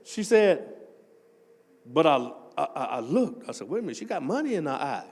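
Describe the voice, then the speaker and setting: An older man, preaching a testimony sermon as associate pastor and telling a story that builds up into shouting. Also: a little high, normal speed, long reverb tail. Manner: animated storytelling, swells into shouting.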